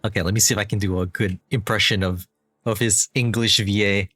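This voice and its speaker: A man's voice: on the low side, steady tone, fairly quick, bright, forceful tone, husky, dry recording, studio quality. A man streaming a game, chatting casually in a rambling way with many restarts and frequent laughs. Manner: rambling, lots of fillers and restarts, laughs often. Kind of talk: casual gameplay commentary.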